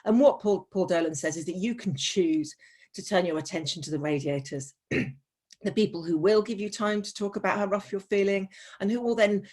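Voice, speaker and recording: A woman's voice: mid-range voice, moderate pace, darkish tone. A woman presenting a teacher wellbeing webinar, chatty and frank, with frequent ums, restarts and sarcastic asides.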